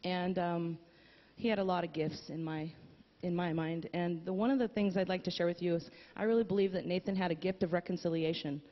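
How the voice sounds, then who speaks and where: A woman speaking at a memorial, telling a story with pauses and fillers, then reading a poem aloud. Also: lowish voice, fairly even intonation. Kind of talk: heartfelt eulogy and poem reading. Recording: dull audio with long hall reverb.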